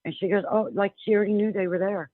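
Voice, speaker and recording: A man's voice: high-pitched, fairly even intonation, fast, dry recording. A man calling in to a radio show, telling a long personal story in an earnest, rambling way with many restarts. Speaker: caller. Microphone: telephone. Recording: tinny phone line.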